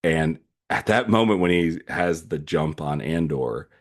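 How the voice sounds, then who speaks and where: A deep-voiced man hosts a solo podcast, walking through a show's story with lively enthusiasm. He talks loosely, with plenty of fillers and restarts along the way. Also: measured pace. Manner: animated recap with frequent fillers. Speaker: podcast host.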